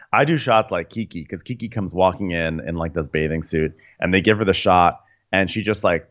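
A man's voice: deep voice, moderate pace, fairly bright tone, lo-fi sound. A man co-hosting a comedy podcast, chatting and laughing about himself while recapping a reality show. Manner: laughing, self-mocking, chatty. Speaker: podcast co-host.

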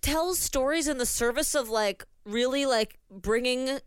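A woman co-host chats eagerly and agrees readily, rambling as she works through her thoughts. Her voice is fairly high and smooth, recorded dry and close. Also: a little slow, no room sound. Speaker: podcast co-host. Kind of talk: casual chat.

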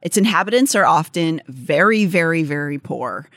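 A woman's voice: sits low, expressive, normal speed, a bit bright, no room sound, studio quality. A young adult woman with a Pittsburgh accent, co-hosting a podcast in a casual, chatty way, full of "like" and restarts as she reads out facts. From Pittsburgh area, United States. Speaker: podcast co-host. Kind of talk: casual chat mixed with read-out facts.

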